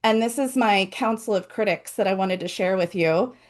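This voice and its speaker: A woman author hosting her own book launch over a video call, chatty and animated, with playful asides. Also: mid-range voice, normal speed. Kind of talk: casual live presentation.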